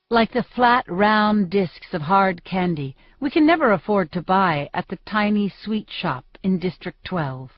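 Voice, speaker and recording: Steady woman reading an audiobook. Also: medium pitch, no echo. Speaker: audiobook narrator. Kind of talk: first-person audiobook narration. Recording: dry, dull muffled recording.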